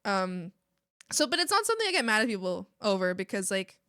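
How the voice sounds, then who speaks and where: A young woman from Mexico chatting casually on an art stream, animated and ranting, laughing often and swearing casually. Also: mid-range voice, fairly quick, dry recording, studio quality. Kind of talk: casual live-stream chat.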